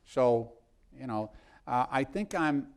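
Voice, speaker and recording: Speaking slowly and expressively at a medium pitch, a congressman from South Boston spins a meandering yarn during a live interview, full of restarts and side anecdotes.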